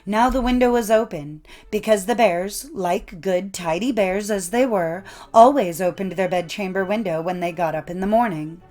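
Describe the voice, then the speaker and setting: A woman reading old folk tales aloud in a measured storytelling cadence. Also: medium pitch, darkish tone. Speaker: narrator. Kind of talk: scripted storybook narration.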